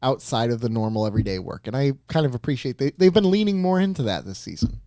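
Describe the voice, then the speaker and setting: A man co-hosting a podcast in casual chat, lively and quick to laugh. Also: mid-range voice, dry recording, clean studio sound. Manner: animated, laughs a lot, tries silly impressions. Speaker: podcast co-host.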